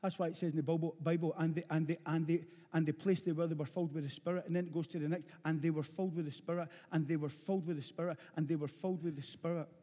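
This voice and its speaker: A middle-aged Glaswegian man preaches a blunt, earnest sermon in a rough-edged Scottish voice that sits a little high for a man. He hammers his points home by repeating phrases. His words ring out with a long hall reverb. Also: little pitch movement, fast, hardly any pauses, warm tone. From Scotland, Glasgow.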